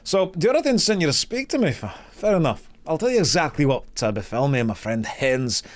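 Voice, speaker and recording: A man voicing a wounded, blunt male warrior with a gruff Scottish accent. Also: on the high side, very animated, fairly quick. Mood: earnest. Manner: gruff, storytelling brogue.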